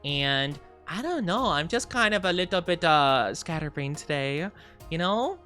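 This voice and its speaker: A woman's voice: low-pitched, lively intonation, unhurried, a bit bright, soft background music. A woman streamer chatting casually and playfully with her viewers, greeting them by name. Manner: playful sing-song asides. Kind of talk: casual livestream chat.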